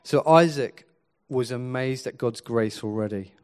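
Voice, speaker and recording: An earnest male preacher delivers a sermon. His voice sits at an ordinary middle pitch. He shifts between hushed, reflective moments and sudden emphatic swells. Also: unhurried, clean tone. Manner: earnest, builds from quiet to emphatic.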